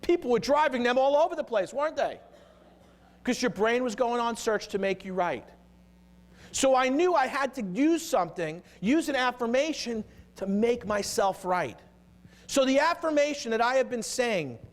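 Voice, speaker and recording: Middle-aged male keynote speaker, very high and animated, energetic crowd-leading delivery. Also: unhurried. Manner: energetic, leads the crowd in chanted affirmations. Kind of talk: motivational keynote speech. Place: conference hall with a live audience.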